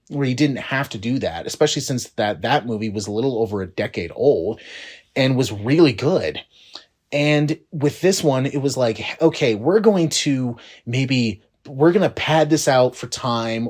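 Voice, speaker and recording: Male movie reviewer, casual and profane, exasperated rants with sudden loud spikes. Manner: exasperated, profane, swings between low mutters and loud rising outbursts.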